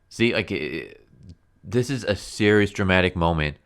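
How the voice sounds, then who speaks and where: Low-voiced man ranting about comics. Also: expressive, normal speed, a bit bright. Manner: exasperated, blunt, lots of "like" and "you know". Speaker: comic book reviewer. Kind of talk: casual ranting review.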